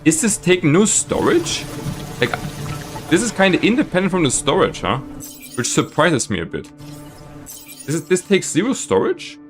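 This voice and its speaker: Man streaming a game, exasperated rant at chat, lively up-and-down pitch, slightly high voice, faint game music behind. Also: moderate pace, long pauses. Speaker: live streamer. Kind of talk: casual gameplay commentary.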